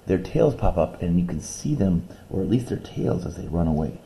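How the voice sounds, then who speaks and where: A male teacher recording a lesson video, patiently explaining a poem step by step and reading its lines aloud slowly. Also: deep voice, very animated, creaky, dark tone, a little hiss or hum.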